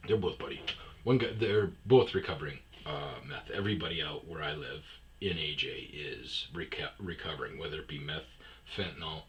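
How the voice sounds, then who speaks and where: A man telling a rambling, profane story in a casual way, breaking into loud shouts when he acts out scenes. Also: extremely low pitch, normal speed, slight background noise. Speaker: storyteller host. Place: lives on a self-storage property in Arizona.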